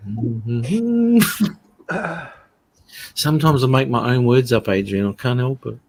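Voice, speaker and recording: On a group call of online drone pilots, a man chats casually, joking, teasing the others and laughing often. His mid-range voice is gravelly and a little fast, heard through a desk microphone.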